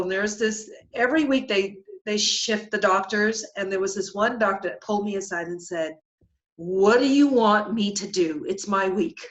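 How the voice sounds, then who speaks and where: A middle-aged woman telling her own spiritual experience as a podcast guest, earnest and halting, with many restarts. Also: mid-range voice, a bit bright, rough recording. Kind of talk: emotional personal storytelling.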